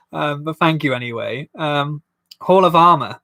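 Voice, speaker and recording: A man's voice: on the high side, measured pace, sharp tone. A man hosting a casual live stream while building a toy set, rambling and self-deprecating as he reads viewer comments aloud.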